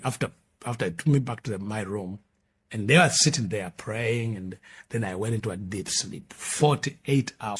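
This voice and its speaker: A Ugandan man around fifty, an apostle, earnestly telling his conversion story as a sermon, shifting between loud declarations and hushed moments. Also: on the low side, husky. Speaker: apostle giving his testimony. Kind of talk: preached personal testimony.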